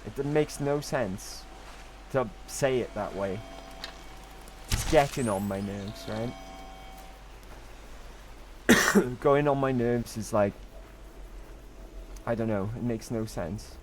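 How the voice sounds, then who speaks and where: Taking it slowly and pausing often, a middle-aged man with a mid-range voice streams a game live against a little hiss or hum. His casual talk is teasing and jokey, with some swearing mixed in.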